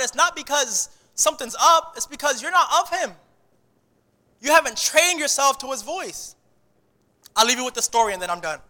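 A man preaching a sermon in a church, animated and often restarting his sentences. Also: very high-pitched, long reverb tail. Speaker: pastor.

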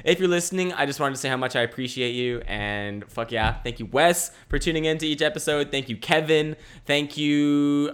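A man's voice: on the high side, moderate pace, hardly any pauses, a bit bright, clean tone. A young man hosting a casual solo podcast from home, rambling with restarts and swearing. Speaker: podcast host. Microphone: camera mic.

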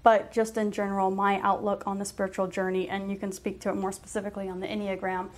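A woman's voice: mid-range voice, flat delivery, quick pace. A woman hosting a casual conversation, talking in a reflective, encouraging way and asking her guest questions.

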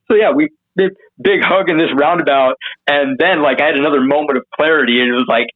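Animated storytelling man on a tinny line. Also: quick pace, faint music behind. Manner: animated, profane, acts out quotes in a higher voice. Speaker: interview guest. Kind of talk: casual storytelling.

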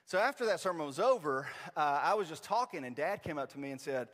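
Preacher, man in his forties, animated storyteller with a slightly high voice, long church reverb. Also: quick pace, hardly any pauses. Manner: storytelling, self-deprecating and animated. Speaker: pastor. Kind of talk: sermon. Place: church sanctuary.

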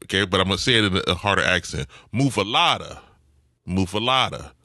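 Man, casual co-host, eating while talking, animated, dry close sound. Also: low voice, rapid-fire, no room sound. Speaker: podcast co-host. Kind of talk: casual chat.

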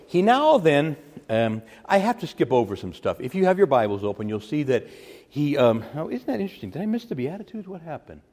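A man preaching a teaching sermon as a priest, animated, acting out quotes with sudden loud, high bursts. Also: long reverb tail.

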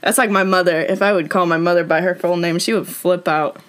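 A woman in casual conversation, reviewing a movie as a podcast co-host, chatty and quick to laugh. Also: fairly low pitch, fairly even intonation, smooth. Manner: chatty, laughs often, trails off.

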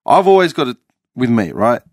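A lively podcast host leads a casual chat at normal speed in a medium-pitched voice. The recording is clean studio sound with no room sound.

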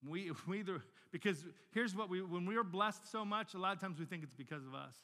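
A man's voice: high-pitched, brisk, bright, forceful tone, big-room sound. A pastor in his forties, telling stories animatedly in a sermon and often repeating words as he restarts a sentence. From Northern Virginia, United States.

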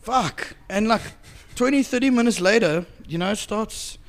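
A man hosting a casual podcast, telling a story in an animated way and swearing freely. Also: high-pitched, normal speed. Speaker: podcast host.

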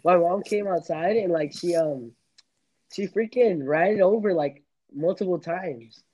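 A young man hosts a casual podcast chat, rambling and laughing with many restarts. His voice sits high and has a darkish tone, he speaks unhurriedly, and the audio is poor.

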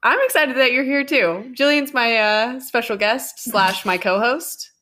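A young woman hosting a podcast in casual, playful chat, sitting on the floor at home with rough home-made audio. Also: on the high side, unhurried, bright, forceful tone. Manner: giggly, playful, chatty. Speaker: podcast host.

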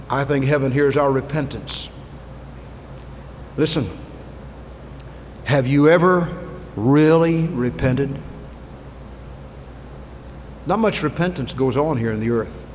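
A man preaching a sermon in a church, moving from soft, intimate asides to loud, fervent appeals. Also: mid-range voice. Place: church sanctuary. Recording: long reverb, faint ambient noise.

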